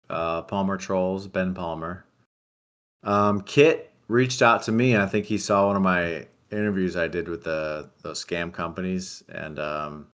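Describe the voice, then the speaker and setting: A man with a very low, deep voice answers viewer questions in a flat, deadpan way. He speaks casually into a desk mic at a home streaming setup. It sounds like relaxed livestream chat. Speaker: livestream guest reading chat.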